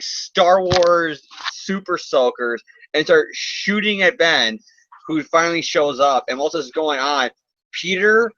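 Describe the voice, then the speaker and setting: A man's voice: a little high, sharp tone, no room sound, highs cut off. A man hosting a casual comedy podcast, recapping a comic in a rambling, sarcastic, profane way.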